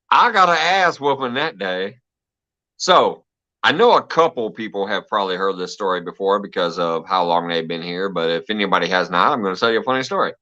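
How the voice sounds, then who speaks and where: A man's voice: sits low, expressive, normal speed, pushed and bright. A man hosting a casual live stream, telling stories with lots of laughter and swearing. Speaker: host. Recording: dull lo-fi stream audio.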